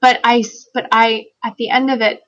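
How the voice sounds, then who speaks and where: A woman guest telling a personal story in a conversational interview, animated, laughing often and acting out quoted lines. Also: fairly high pitch, moderate pace, muffled recording. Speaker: guest author.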